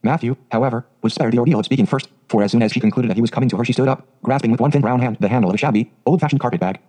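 A man narrates a storybook in a steady, scripted reading. He moves very fast, in a dark, mellow tone. The voice has a husky grain. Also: mid-range voice, poor audio. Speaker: audiobook narrator.

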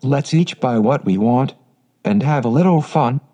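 A man reading the lines of a bold, bookish teenage girl in an even, unacted synthetic voice. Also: mid-range voice, a little slow, dull audio.

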